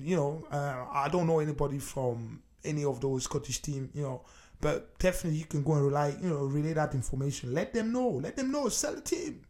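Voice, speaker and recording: An emphatic talk show host delivering a solo opinion rant. The voice is mellow and warm, and the pitch swings widely as points get pressed. Key phrases come back again and again for emphasis. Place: based in Scotland.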